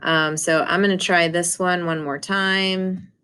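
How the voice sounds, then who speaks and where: A woman's voice: fairly low pitch, fairly even intonation, a little slow, pushed and bright, clean tone. A woman teacher in a recorded class lesson, retelling a story and walking students through an online reading tool in a casual way with many fillers. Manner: casual, many ums and restarts.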